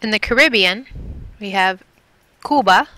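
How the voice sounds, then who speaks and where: In a recorded classroom lesson, a woman from Milwaukee, Wisconsin, USA teaches Spanish, patiently repeating and drilling words. Her voice is medium in pitch and sharp in tone, and she speaks unhurriedly.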